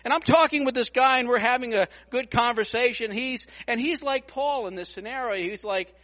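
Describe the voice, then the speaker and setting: A man's voice: very high voice, brisk, few pauses, fairly bright tone, big-room sound. A man preaching a storytelling sermon, repeating words as he goes and acting out other people's lines.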